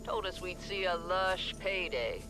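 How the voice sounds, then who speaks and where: A man's voice: high voice, lively intonation, measured pace, music in the background. A blunt, defiant crewman. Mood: accusing. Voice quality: blunt, mocking. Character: blunt defiant male crew member, mocking captain.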